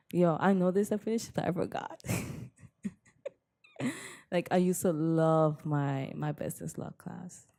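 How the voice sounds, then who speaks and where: A young woman co-hosting a casual podcast chat, laughing often and dropping quick agreements. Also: on the low side, fairly even intonation, creaky, mellow, no room sound, studio quality. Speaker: podcast co-host.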